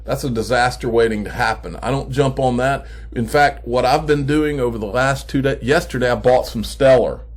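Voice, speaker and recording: Man, channel host, emphatic, casual commentary, mid-pitched voice. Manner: emphatic, repeats points slowly for effect; addresses viewers as folks, frequent okay. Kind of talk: casual commentary on screen posts.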